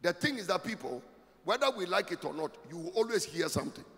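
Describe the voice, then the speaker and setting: A pastor preaching a sermon, emphatic and rising to shouts with a sing-song cadence. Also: male voice, high voice, very animated, quick pace. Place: church. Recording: long hall reverb, faint music.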